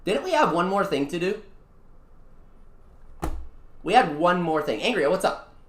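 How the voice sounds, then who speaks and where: A young-adult VTuber streamer chatting casually with viewers during a game, excitable and slangy, swinging from low mutters to loud wails. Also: a little slow, slight background noise. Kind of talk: casual live-stream chat over a mobile gacha game. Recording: echoey room.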